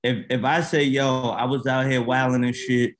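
A man's voice: mid-range voice, flat delivery, moderate pace. A man co-hosting a podcast in casual chat, challenging others with pointed questions. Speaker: podcast co-host.

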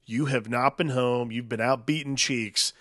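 A man's voice: medium pitch, steady tone, unhurried, fairly bright tone, dry recording, studio quality. A man co-hosting a casual film-discussion podcast, talking in loose, filler-heavy sentences. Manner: rambling, filler-heavy, restarts thoughts.

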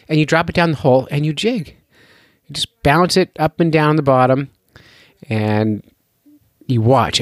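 A man's voice: medium pitch, no echo, studio quality. A man hosting a fishing podcast in a loose, jokey, rambling way. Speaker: podcast host. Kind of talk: casual podcast talk.

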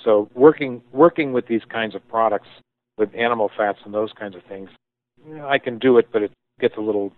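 A man being interviewed, telling a story with thoughtful pauses and frequent restarts as he explains things. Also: lowish voice. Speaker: guest, company founder. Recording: tinny phone-like line, dry.

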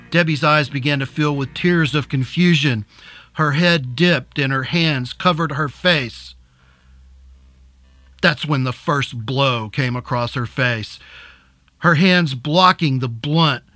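A man narrating a dark serial story in a measured, deliberate way, and hosting the episode. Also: mid-range voice, no room sound, faint music behind. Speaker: narrator and host.

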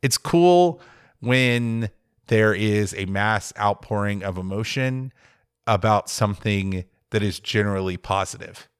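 Low, smooth-voiced man telling stories. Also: measured pace, dry recording, clean studio sound. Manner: rambling, reflective, self-interrupting. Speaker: podcast co-host. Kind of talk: casual storytelling.

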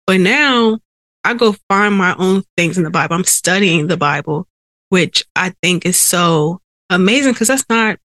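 A woman's voice: lowish voice, lively intonation, a little slow, fairly bright tone, no room sound. A woman hosting a faith podcast, telling her personal testimony in an earnest, conversational way, with held breaths and sighs caught by a sensitive microphone. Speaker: podcast host.

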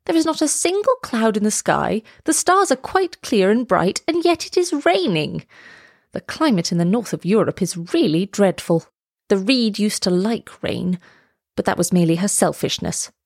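A woman's voice: mid-range voice, big pitch swings, moderate pace, creaky, no echo, studio quality. A woman voicing a proud, fussy little male swallow in a storybook, lofty and chirpy. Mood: fussy, huffy. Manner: chirpy, lofty and self-important.

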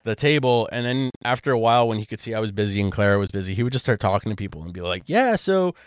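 A man co-hosting a podcast in relaxed, casual chat. He rambles and restarts often, filling pauses with "um" and "like." His voice is smooth and resonant, and it sounds close and dry. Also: fairly low pitch, no room sound. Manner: rambling with many fillers and restarts. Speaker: podcast co-host.

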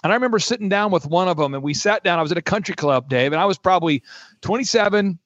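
A middle-aged man telling a long personal story in casual talk, acting out quoted dialogue with lively energy. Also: high-pitched, fast, no echo, highs cut off. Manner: animated anecdote with acted quotes.

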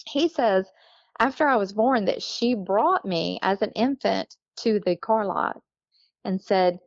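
A woman's voice: medium pitch, takes it slowly, vocal fry, no echo, highs cut off. A woman telling a personal story in casual conversation, chatty, often laughing and acting out what others said. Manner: chatty, laughs often, acts out quoted people. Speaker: guest telling her story.

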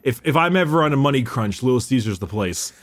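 A man's voice: mid-range voice, animated, fast talker. A man hosting a podcast, chatting casually and stumbling over names with laughs. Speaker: podcast host. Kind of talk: casual chat.

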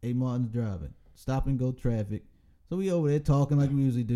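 A man's voice: medium pitch, fast talker. A young man hosting a casual chat, telling stories with lots of laughter and acted-out quotes. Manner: animated, laughing storyteller, acts out quotes.

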